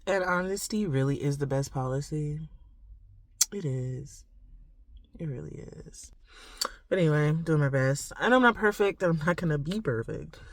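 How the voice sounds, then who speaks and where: A woman's voice: deep voice, a little fast, few pauses, no room sound. A woman vlogging a rambling, reflective monologue, full of "like" and "you know". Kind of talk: confessional casual monologue to camera.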